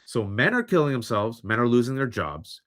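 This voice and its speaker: A man in his forties hosting a livestream and talking about men and mental health, animated and often mimicking other people's voices. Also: medium pitch, moderate pace. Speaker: host. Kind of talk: livestream commentary.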